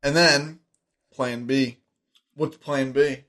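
A man's voice: medium pitch, fairly even intonation, slow, fairly bright tone. Young male co-host, mid-range voice, laid-back sidekick who adds details and laughs along. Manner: chiming in with short details and laughter. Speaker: podcast co-host. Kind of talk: casual movie recap chat.

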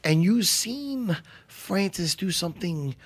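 A man on a casual podcast, telling loud, jokey stories with a lot of swing in his voice. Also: sits high, slow pace, dry recording. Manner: animated, loud, jokey storyteller. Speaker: MMA coach and podcast guest. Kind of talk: casual chat.

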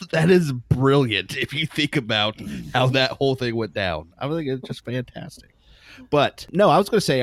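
A man's voice: medium pitch, dry recording, clean studio sound. A man co-hosting a podcast, rambling through anecdotes in casual chat, laughing often and trailing off. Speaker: podcast co-host.

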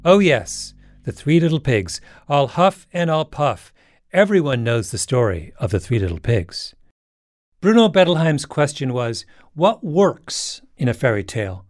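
Male podcast host, scripted narration, wry and dramatic, with a very lively melody. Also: medium pitch, a little slow, no room sound, studio quality. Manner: dramatic, wry, with emphatic swings in delivery.

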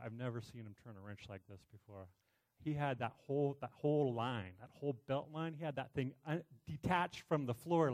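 A middle-aged man preaching, telling a personal story in an animated way with many restarts. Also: mid-range voice. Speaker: pastor.

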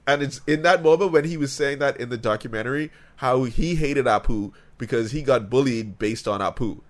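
A man's voice: medium pitch, fairly quick. A man from the Bahamas, co-hosting a casual chat, blunt and profane in argument.

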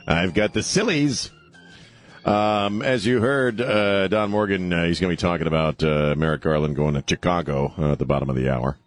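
A man's voice: sits low, moderate pace, faint music behind. A man hosting a talk radio show, rambling and sarcastic, stopping and restarting with lots of fillers. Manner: rambling, sarcastic, self-interrupting, many fillers. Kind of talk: opinionated talk radio monologue. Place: radio studio. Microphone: studio microphone.

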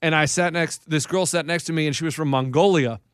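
Man, slightly high voice, rambling storyteller, dry close mic. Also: fairly quick, smooth, no room sound. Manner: rambling anecdotes with restarts. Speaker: podcast co-host. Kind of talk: casual chat, storytelling.

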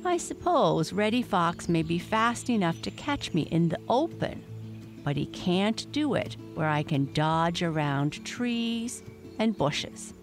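A woman's voice: on the low side, big pitch swings, slow, faint music behind, heavily acted. A woman voicing a timid, polite young male hare.

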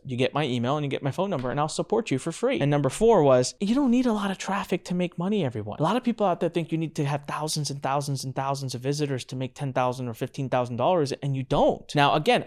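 Fast, animated male podcast host. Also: on the high side. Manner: enthusiastic, chatty, many "like" fillers. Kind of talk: casual storytelling monologue.

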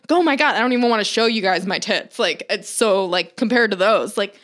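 A young woman co-hosting a casual comedy podcast, blunt and giggly, telling stories with animated energy. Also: medium pitch, a little fast, few pauses. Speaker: podcast co-host.

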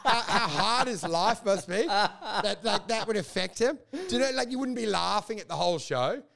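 Brief: podcast co-host, crude and rambling, high pitch with fry. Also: male voice, expressive, normal speed, fairly bright tone. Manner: crude, rambling, mock-quoting himself. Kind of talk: casual comedic chat.

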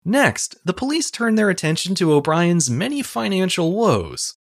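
A man hosting a history podcast, telling a crime story in wry, measured scripted narration. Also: high voice, very animated. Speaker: podcast host.

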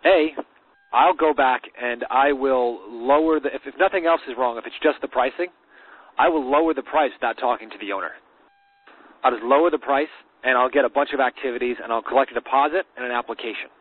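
A man's voice: medium pitch, a little fast, slightly rough, no echo. A man co-hosting a casual business talk, confidently telling how he handles deals and repeating words while thinking, heard over a phone line. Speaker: podcast co-host. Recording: dry phone-line sound.

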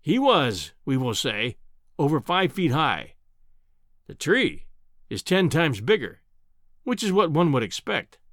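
A man's voice: big pitch swings, slow, pauses often, a bit bright, no echo, clean studio sound, full character voice. A man voicing a scornful, overbearing male professor of science in a storybook reading. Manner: booming, overbearing, mocking.

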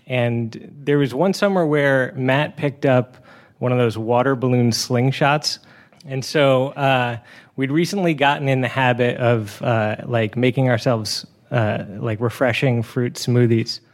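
A man's voice: mid-range voice, measured pace. A young man telling a funny personal story on a stage, chatty, full of "uh" and "like", laughing as he goes. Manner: chatty, many "uh" and "like" fillers, laughing through the story. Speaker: storytelling contestant. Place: stage before a live audience.

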